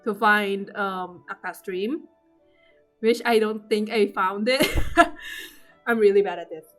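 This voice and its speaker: A woman recapping her game pulls in casual commentary, excitable and swearing, acting out her own squeals. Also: medium pitch, slow, faint music behind. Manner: trails off with fillers and restarts. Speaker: gaming vlogger. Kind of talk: casual gaming commentary over gameplay.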